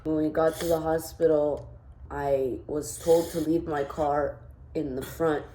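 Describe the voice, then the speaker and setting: A woman's voice: sits low, steady tone, measured pace, mellow. A young woman in her twenties telling a vlog story, rambling and shaken, with lots of fillers and restarts. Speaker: vlogger. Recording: echoey room.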